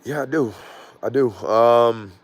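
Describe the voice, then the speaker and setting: A man's voice: medium pitch, slow pace, slightly rough, muffled recording. A middle-aged man with a Southern US accent, hosting a casual drone livestream in a loose, rambling way with frequent laughs. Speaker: drone channel host.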